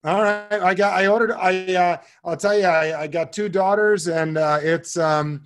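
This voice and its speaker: A man's voice: sits high, fairly even intonation. A man hosting a podcast interview, reacting with eager enthusiasm and chatting casually. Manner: enthusiastic, quick reactions and restarts. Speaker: podcast host.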